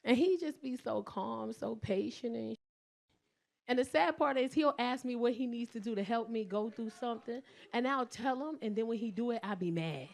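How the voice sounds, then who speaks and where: A woman in her forties with a New York accent delivers a stand-up set in a high, bright voice. She is loud and animated, curses freely, and her voice keeps swinging up into shouts. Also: moderate pace, vocal fry. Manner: profane, slangy. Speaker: stand-up comedian. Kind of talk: stand-up routine.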